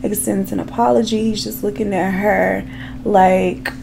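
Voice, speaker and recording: A woman's voice: mid-range voice, level tone, a little slow, vocal fry, music in the background. A woman telling a true crime story in a casual, chatty way, with frequent asides to her viewers. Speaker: true crime makeup vlogger.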